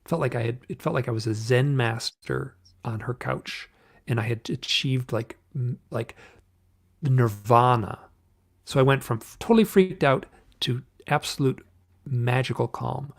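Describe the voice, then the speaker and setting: A man telling a personal story in an interview, halting and restarting often, acting out the voices of the people he quotes. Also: medium pitch, creaky. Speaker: guest.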